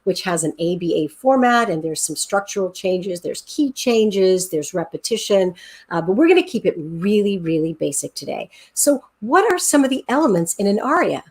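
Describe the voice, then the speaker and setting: Her medium-pitched voice is a bit mellow and slightly rough, with a sing-song lilt at normal speed. She's a teacher running an upbeat, encouraging online class over a video call, screen-sharing while she counts aloud and taps out rhythms.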